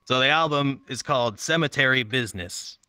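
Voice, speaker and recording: A man with a bright, forward voice who chats in a casual, easygoing way and giggles often. The sound is close and dry. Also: mid-range voice, fairly quick, clear, resonant tone, no room sound. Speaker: podcast guest, musician. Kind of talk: casual podcast chat.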